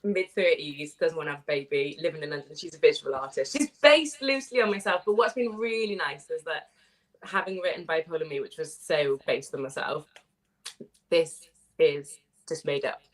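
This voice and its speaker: A woman in her thirties from Wales, a playwright chatting on a radio show, telling stories with bubbly, animated quoting. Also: sits low, normal speed. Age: 30s. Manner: bubbly, animated storytelling with quoted voices. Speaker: playwright guest. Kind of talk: casual radio interview.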